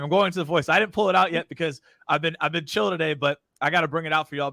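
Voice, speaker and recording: A man hosting a sales workshop, giving advice in an energetic, joking, emphatic way. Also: a little high, fast, gravelly, few pauses, dry recording, studio quality. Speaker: host. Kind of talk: casual webinar advice chat.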